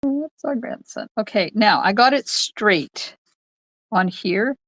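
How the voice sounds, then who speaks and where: A woman's voice: medium pitch, expressive, slow pace, a bit bright, no echo, rough recording. An older woman, a card-making instructor, chatting to viewers during a live-streamed craft tutorial in her home craft room. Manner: chatty, talks to viewers while stamping.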